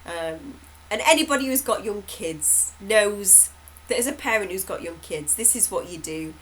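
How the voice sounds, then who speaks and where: A woman shares a homely story in a loose, chatty way. She wanders off on tangents and laughs along as she talks. Her voice sits at an ordinary pitch for a woman. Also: animated, normal speed, a bit bright, a little hiss or hum, low-quality recording. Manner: chatty, rambling, laughs often. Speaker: hypnotherapist host. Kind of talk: casual storytelling update.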